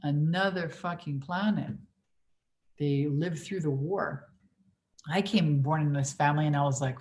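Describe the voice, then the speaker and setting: A woman's voice: low-pitched, a little slow, darkish tone. A woman in her forties, a business coach on a livestream Q&A, talking in a blunt, profane, emphatic way. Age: 40s.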